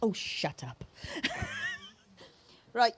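A woman giving a casual phone review, blunt and self-mocking, with laughter. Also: very slow.

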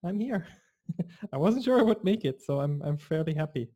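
A panel guest talks cheerfully on a video call. The voice is mellow and warm, at a middle pitch. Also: expressive, normal speed. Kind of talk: casual chat over video call.

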